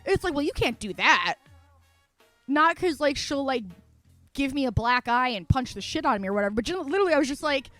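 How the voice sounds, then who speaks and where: A young woman streamer telling a story in casual chat, animated and foul-mouthed, acting out her own quotes and laughing often. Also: sits high, fast, soft background music.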